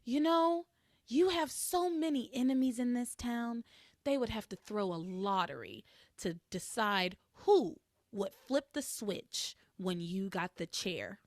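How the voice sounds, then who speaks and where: A woman's voice: a little high, lively intonation, unhurried, no room sound, studio quality. A woman voicing a scheming, blackmailing rich woman in a podcast recap, sugary and menacing. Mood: sweetly menacing. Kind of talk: recap re-enactment.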